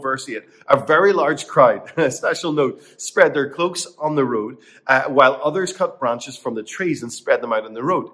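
A middle-aged man preaching a sermon as pastor, earnest, dropping to quiet lines and rising to emphatic ones. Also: mid-range voice. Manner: earnest, swings between hushed and emphatic.

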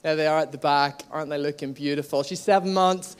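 A young man from Northern Ireland, with a slightly anglicized Northern Irish accent, preaches a sermon to a church congregation, joking with them in a lively way. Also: on the high side, fairly quick, clear, resonant tone. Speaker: pastor. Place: church hall.

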